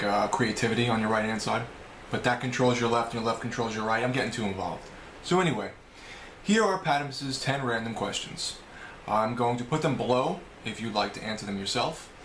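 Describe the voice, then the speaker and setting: At home, a man with a New York accent chats through a list of questions for his video blog, rambling and frequently backtracking to correct himself. The rough recording sounds roomy, with slight background noise behind his fairly bright, medium-pitched voice.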